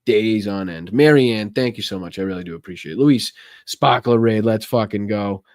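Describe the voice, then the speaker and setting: Here a man with a Boston accent, from Massachusetts, chats loosely on his live politics stream, frequently cursing and laughing as he wanders between topics. His fairly low, slightly mellow voice moves at normal speed over clean, echo-free studio sound.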